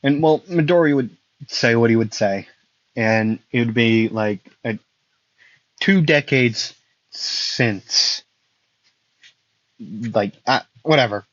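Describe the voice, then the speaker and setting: A man's voice: medium pitch, measured pace, no room sound, highs cut off. A man improvising a fan story, rambling and correcting himself with lots of fillers.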